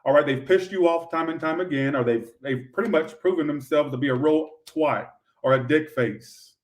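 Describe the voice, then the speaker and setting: A man's voice: a little high, moderate pace. Sassy, foul-mouthed male tarot reader. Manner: sassy, profane, rambling, talks straight to viewers. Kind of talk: livestream tarot reading.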